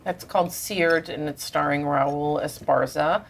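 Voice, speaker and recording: A woman playwright talking over lunch in a restaurant, telling stories in an animated, self-mocking way. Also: sits low, measured pace, creaky, slight background noise. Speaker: playwright guest. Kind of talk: casual lunch conversation.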